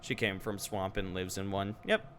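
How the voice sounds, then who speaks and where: Wry, bright-voiced male streamer. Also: deep voice, moderate pace, slight background noise. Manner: wry, joking asides. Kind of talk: live game playthrough reading dialogue.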